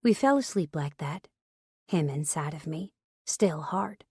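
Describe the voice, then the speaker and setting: A woman's voice: low-pitched, expressive, unhurried, dark tone, husky, dry recording. A woman reading a romance audiobook in the first person, with an intimate, confiding manner on a close studio mic. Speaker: audiobook narrator.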